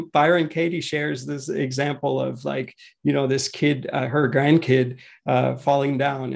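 A man's voice: medium pitch, vocal fry, breathy edge. A man giving a reflective talk on parenting as a guest speaker, thoughtful and searching, with frequent restarts.

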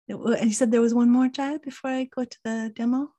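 A woman teaching a workshop, answering questions gently and reflectively, often dropping into a soft whisper. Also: on the high side, steady tone, quick pace, hardly any pauses.

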